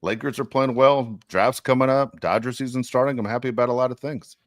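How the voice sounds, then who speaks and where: A man co-hosting a casual sports podcast, telling rambling, animated stories. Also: mid-range voice, fairly quick, no echo, clean studio sound. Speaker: podcast co-host; youth baseball coach.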